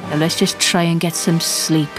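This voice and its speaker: A woman doing a gruff dad. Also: on the high side, moderate pace, loud music behind the voice, lightly acted. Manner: gruff and bossy when calm, yelling in a panic. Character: exasperated British dad, father of the family.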